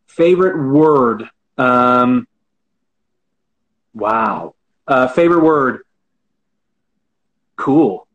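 A man's voice: medium pitch, expressive, drawn-out words, pauses often, fairly bright tone, muffled recording. A man answering interview questions, earnest and optimistic, often hesitating and restarting. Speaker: interview guest, hospitality professional.

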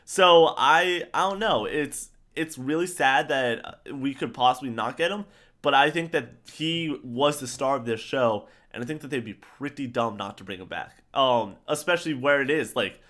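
A man co-hosting a podcast, chatting casually and excitedly about films, rambling and repeating himself. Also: mid-range voice, moderate pace. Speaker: podcast co-host. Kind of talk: casual pop-culture chat.

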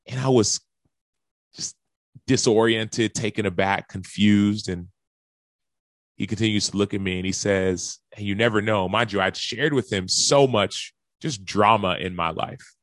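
A man's voice: lowish voice, a little slow, no echo. A man, a professional athlete, earnestly telling a personal story in a speech and acting out the lines and gasps of the people in it.

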